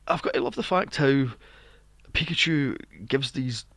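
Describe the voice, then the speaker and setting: At a measured pace, a man with a medium-pitched, fairly bright voice co-hosts a casual movie review podcast with no echo. Exasperated and sweary, he rants and makes fun of characters with silly voices.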